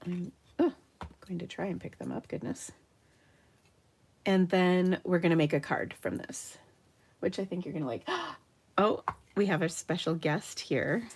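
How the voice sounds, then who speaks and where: This card-making tutorial host speaks in a lowish, husky voice that is animated yet a little slow, broken by long pauses. She's a Minnesotan running a live demo from her home craft room, chatty and cheerful, laughing frequently while she crafts.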